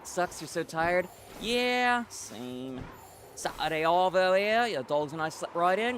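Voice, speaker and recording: Chatty game streamer man, slightly high. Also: animated, slow pace, a bit bright, a little hiss or hum. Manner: chatty, reads chat aloud, many fillers and restarts. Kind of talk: casual live-stream chat while playing.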